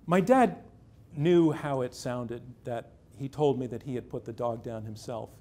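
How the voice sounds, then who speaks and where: This man, a journalist, speaks at medium pitch in a mellow voice while telling a true first-person story on stage, measured in pace, punctuated by dramatic pauses and laced with dry irony.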